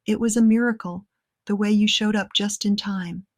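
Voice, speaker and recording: A woman voicing a young woman who is tired and shaken, speaking quietly with a touch of wry humor. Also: medium pitch, fairly even intonation, moderate pace, no room sound, studio quality, natural voice. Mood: earnest.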